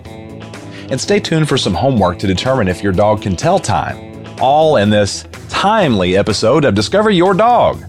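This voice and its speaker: A man hosting a podcast who reads an upbeat scripted intro and then asks probing questions in casual chat. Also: medium pitch. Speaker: podcast co-host.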